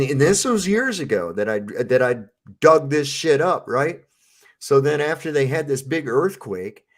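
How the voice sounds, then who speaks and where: A man telling a long, rambling story in a casual panel chat, swearing freely. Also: medium pitch.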